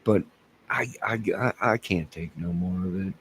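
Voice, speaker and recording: A man hosting a rambling, joking livestream, answering his chat by name, swinging from loud outbursts to low mutters. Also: normal speed, a little hiss or hum, rough recording. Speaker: livestream crime-case commentator.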